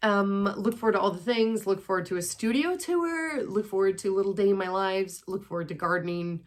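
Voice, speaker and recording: A woman's voice: medium pitch, brisk. A woman in her twenties talking casually in a rambling vlog while walking on a treadmill at home. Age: 20s. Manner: chatty, rambling, sprinkled with swearing. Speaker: vlogger.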